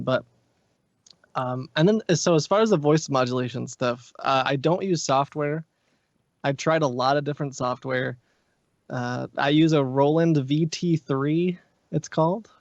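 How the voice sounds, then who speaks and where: As a podcast guest, a man chats loosely and rambles, using lots of filler words in a casual conversation. His voice is mid-range and a little slow, and the podcast audio sounds dry, dull and muffled.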